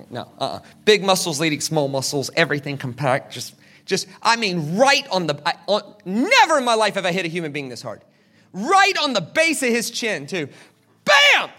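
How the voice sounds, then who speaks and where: Animated high-voiced preacher. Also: male voice. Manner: animated, dramatic, with shouted peaks. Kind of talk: sermon with storytelling.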